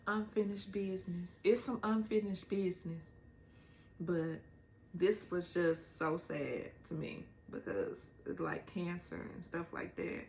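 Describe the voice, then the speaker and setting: Slow-talking emotional woman recapping a show. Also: on the low side, fairly even intonation, gravelly, darkish tone, reverberant, slight background noise. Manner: emotional, retelling scenes with rising exclamations. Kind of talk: casual episode recap.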